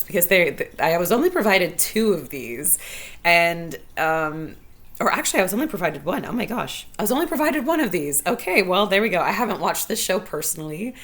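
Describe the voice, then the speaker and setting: Low-voiced earnest woman hosting. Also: fairly bright tone. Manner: earnest, heartfelt, thinking aloud. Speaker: podcast host. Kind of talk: solo reflective monologue.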